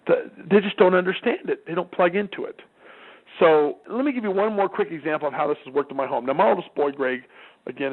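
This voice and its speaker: A middle-aged man giving a parenting talk, telling stories from home and acting out the voices of the people in them. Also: on the high side. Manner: lively storyteller who acts out quoted voices. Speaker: parenting speaker. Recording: narrow phone-like sound.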